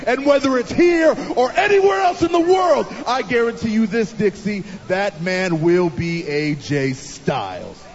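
A man, a wrestler, giving a sarcastic promo that builds from calm talk to shouting. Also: high voice, a little slow, few pauses, dull audio.

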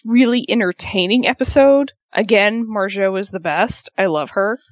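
A woman co-hosting a radio talk show, recapping an episode in a chatty, animated way with plenty of fillers. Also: mid-range voice, normal speed, dry recording. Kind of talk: casual chat recapping a reality show. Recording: dull, dry lo-fi sound.

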